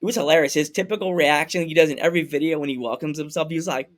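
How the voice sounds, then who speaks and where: Man, high-pitched, animated storyteller, podcast host, casual chat. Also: rapid-fire. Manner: animated, acts out voices in anecdotes.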